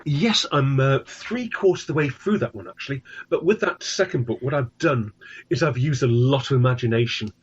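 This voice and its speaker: A man's voice: medium pitch, fairly quick, slightly rough, lo-fi sound. An English man, a tour guide and author, chatting politely and eagerly as a guest, often ending with "really". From England. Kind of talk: casual interview chat.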